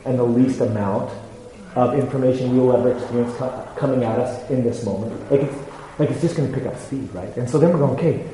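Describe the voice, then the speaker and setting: Man, forties, ministry speaker, earnest, halting with fillers, big echoey hall, long reverb, faint ambience. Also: mid-range voice, dark tone, slight background noise. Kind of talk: conference talk.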